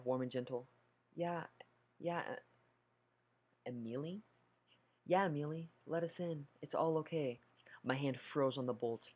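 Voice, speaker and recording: A man's voice: medium pitch, a little mellow. A man reading a horror story aloud, nervous, stumbling over words and correcting himself. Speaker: story narrator.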